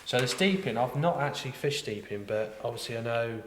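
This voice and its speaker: A man's voice: medium pitch, expressive, brisk, slight background noise. A man co-hosting a casual podcast, telling rambling stories full of fillers and restarts. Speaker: podcast co-host, tackle shop worker. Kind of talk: casual chat. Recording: echoey room with long reverb.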